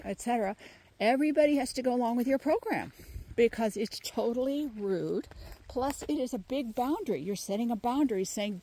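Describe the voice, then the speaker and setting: A woman healer giving emphatic, animated spoken advice while walking outdoors with her dog. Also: fairly high pitch, fairly quick. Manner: emphatic, animated, mimics others in quoted voices. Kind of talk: casual spoken advice monologue.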